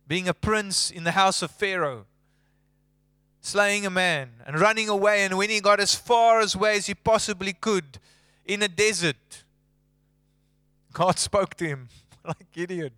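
A man's voice: high-pitched, sharp tone, smooth, no room sound. A man preaching a sermon, emphatic and building through long lists.

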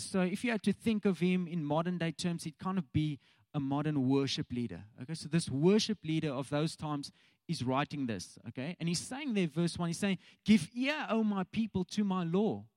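A man's voice: on the high side, lively intonation, moderate pace, darkish tone, no echo. A man in his thirties with a South African accent, preaching a casual, chatty sermon straight to the congregation. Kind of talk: conversational sermon.

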